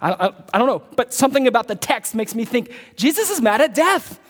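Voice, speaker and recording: A male pastor preaching an animated sermon, dropping to low murmurs and jumping to loud bursts. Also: fairly quick. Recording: long reverb of a large hall.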